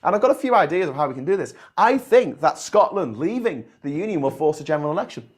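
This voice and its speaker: A man's voice: fairly high pitch, big pitch swings, fast, husky. A man with a Liverpool accent hosting a casual livestream, ranting and swearing, often restarting his sentences. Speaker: host.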